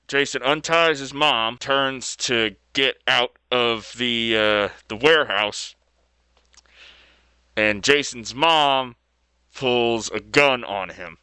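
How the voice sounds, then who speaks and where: A man's voice: medium pitch, pushed and bright, smooth, dry recording. A man casually retelling a story as video host, laid-back and loose with fillers and mild slang.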